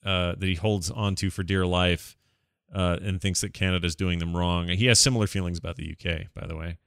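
An opinionated American man chatting bluntly as a podcast co-host. His low voice has a forceful, bright edge, and the recording is dry and close. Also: fairly even intonation, fairly quick, smooth, no echo. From United States. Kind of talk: casual chat.

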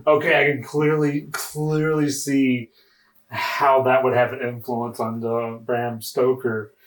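A man appearing as a podcast guest, speaking in a halting, hesitant way with lots of pauses and fillers, often laughing. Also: medium pitch, flat delivery, echoey room. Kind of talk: casual podcast discussion. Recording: voice from a distant mic.

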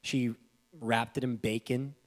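A young man preaching a sermon from a church stage in a casual, emotional way, often breaking into loud excited bursts. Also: mid-range voice, a little slow, gravelly. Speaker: pastor.

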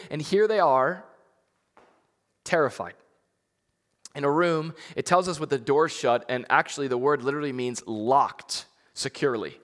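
A pastor giving a sermon in a conversational way, repeating words and building to emphatic, rising peaks. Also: male voice, medium pitch, moderate pace, long pauses, a bit bright, long reverb tail.

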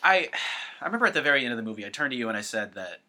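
A man's voice: mid-range voice, very fast. A man from the Boston area, co-hosting a podcast, chatting jokily about films with stammering restarts. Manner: animated, jokey, stammering restarts. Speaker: podcast co-host. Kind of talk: casual film chat.

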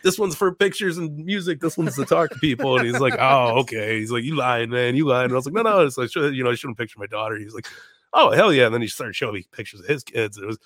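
A young man tells rambling, animated stories as a podcast guest, laughing and swearing through them. His voice sits at an ordinary middle pitch. The sound is dry and close, with no room echo. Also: fast, few pauses. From Chicago. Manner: animated, laughing, swears often, many restarts. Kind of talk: casual storytelling chat.

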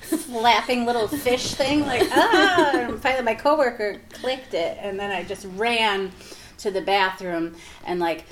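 A woman comic telling a story in casual talk, animated, laughing often and acting out the voices she quotes. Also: on the high side, unhurried, slight background noise. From Wisconsin. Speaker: guest comic.

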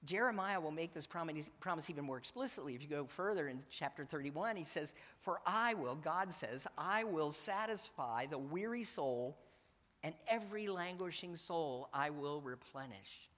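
A man's voice: on the high side, lively intonation, normal speed, fairly bright tone. A man preaching a sermon in an earnest, emphatic way, repeating his key phrases. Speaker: pastor. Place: church sanctuary. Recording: church hall reverb.

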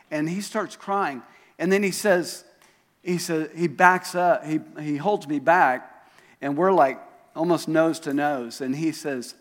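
A man's voice: a little high, a little slow. A pastor telling a story during a sermon, animatedly acting out the voices of the people he quotes. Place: church auditorium. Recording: live sermon in a reverberant hall.

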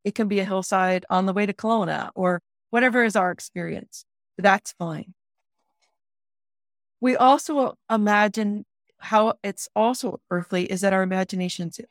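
A woman's voice: mid-range voice, no echo, clean studio sound. A woman teaching a guided prayer practice in an earnest, plain-spoken way, often restarting her sentences. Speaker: spiritual director teaching prayer.

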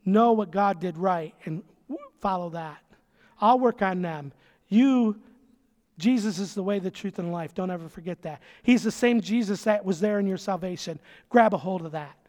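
An earnest, loving apostle pleads with his people, saying the same words over and over, as a high-voiced preacher puts him on. The voice sits very high and rings out in a hall with a long echo. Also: moderate pace, a little mellow, natural voice. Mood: pleading. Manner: repetitive, pleading. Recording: long reverb of a large hall.

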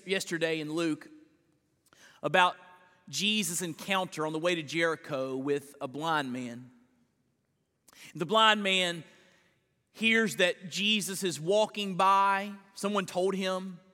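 A male pastor preaching a sermon, swinging between loud emphatic lines and hushed slow ones, often repeating words as he starts a phrase. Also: high-pitched, long reverb tail. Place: church sanctuary.

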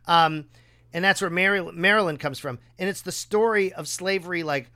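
A man hosting a podcast, chatting casually and acting out quotes with a raised, animated voice. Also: sits high, moderate pace. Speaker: podcast host. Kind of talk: casual conversation.

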